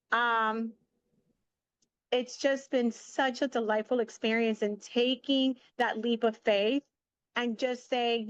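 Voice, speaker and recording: A woman's voice: fairly high pitch, clean tone, dry recording, dull audio. A middle-aged woman guest telling a story casually and with energy, acting out the lines of the people in it. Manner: chatty, animated, acts out quoted dialogue. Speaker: guest, media entrepreneur.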